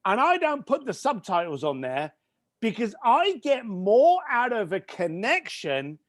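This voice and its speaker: Brief: British male guest, middle-aged, bursting with enthusiasm, high and sing-song delivery. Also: wildly swooping pitch, measured pace, no echo, studio quality. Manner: enthusiastic, emphatic, quirky. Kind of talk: conversational business advice.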